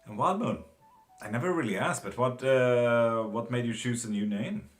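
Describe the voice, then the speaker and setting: Over soft background music, a tarot reader with a mid-range voice speaks at a normal speed. He's giving a relaxed live-stream reading, talking loosely with viewers, cursing occasionally and laughing a lot.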